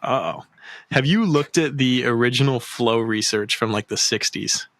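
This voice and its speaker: A man's voice: mid-range voice, normal speed, fairly bright tone, dry recording. A man hosting a casual interview, attentive and giving frequent mm-hmms. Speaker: podcast host.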